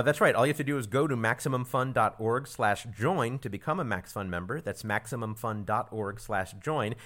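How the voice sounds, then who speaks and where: A man hosting a podcast, excitable and hesitant, with frequent uhs. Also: medium pitch. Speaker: host.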